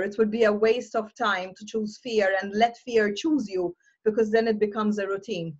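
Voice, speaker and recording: A woman's voice: mid-range voice, fairly even intonation, moderate pace, hardly any pauses, lo-fi sound. A woman as an interview guest, speaking in an upbeat, encouraging, motivational way. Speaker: guest, online women's group founder.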